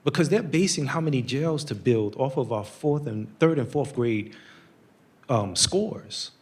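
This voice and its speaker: A man's voice: mid-range voice, lively intonation, measured pace, a little mellow. A man in his forties from the United States, speaking as a guest in an earnest, storytelling way at a public talk. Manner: earnest, storytelling, acts out quotes.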